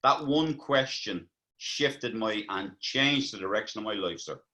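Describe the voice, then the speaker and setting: Bright-voiced Irish man sharing lessons. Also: on the low side, animated, a little slow, poor audio. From Ireland. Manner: earnest, reflective, motivational. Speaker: caller on a group call. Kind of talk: casual chat.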